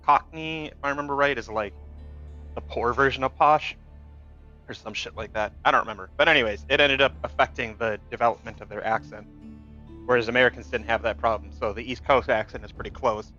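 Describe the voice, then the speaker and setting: A man's voice: medium pitch, fairly quick, sharp tone, highs cut off, soft background music. Man explaining at length over game chat. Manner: explains at length, confident lecturing tone. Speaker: gamer chatting with friends. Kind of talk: casual chat. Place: home gaming setup, voice chat.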